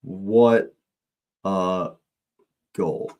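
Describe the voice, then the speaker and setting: A young man hosting a live football watch-along, excitable, laughing often and repeating his phrases. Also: low-pitched, very slow, lo-fi sound.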